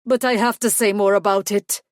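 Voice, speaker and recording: A woman's voice: medium pitch, steady tone, a little fast, no room sound, studio quality, lightly acted. A woman voicing a weary, grizzled male werewolf in an audiobook, speaking stiffly and pleading. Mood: desperate.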